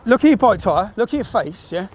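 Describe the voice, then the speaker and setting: A man's voice: high-pitched, big pitch swings, fairly quick. A man with an aggressive, swearing manner, confronting a stranger outdoors on a phone camera. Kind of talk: heated street confrontation. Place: outdoor car park.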